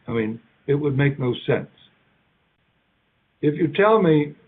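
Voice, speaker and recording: A man delivers a keynote lecture, talking slowly and conversationally, pausing and restarting as he acts out small quoted exchanges. His voice is husky, at a middling pitch for a man. The recording is narrow and tinny, like a phone line. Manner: conversational, halting, acts out little quoted lines. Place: lecture hall.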